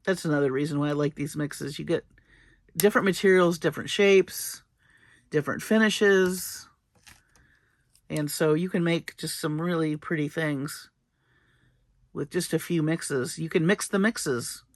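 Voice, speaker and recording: Slow, gravelly-voiced woman crafter. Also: low-pitched, no echo. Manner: chatty and playful, with small laughs. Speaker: jewelry-making tutorial host. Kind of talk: casual craft demonstration.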